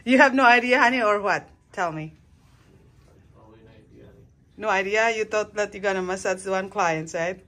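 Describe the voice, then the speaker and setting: A woman's voice: medium pitch, moderate pace, long pauses, a bit bright. A woman filming a casual home vlog, teasing and laughing often as she mixes in Tagalog words. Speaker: vlogger, wife.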